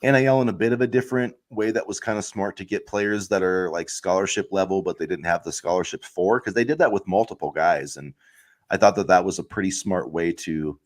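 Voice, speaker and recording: Male podcast co-host, lowish voice, heated casual sports talk, rambling and filler-heavy. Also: a little fast. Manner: heated, ranting, lots of filler words.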